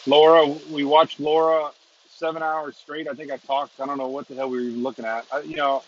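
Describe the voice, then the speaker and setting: A man's voice: a little high, flat delivery, a little fast, dull audio, a little hiss or hum. A man hosting a storm-chasing livestream, rambling and chuckling as he chats casually from a moving car. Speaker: storm chaser, stream host. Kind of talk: casual live chat while driving.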